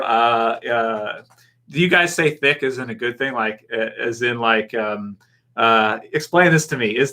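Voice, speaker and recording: A Canadian man hosts a relaxed live stream, rambling and chuckling while he responds to viewers' comments in chat. His voice is medium in pitch with a sharp tone.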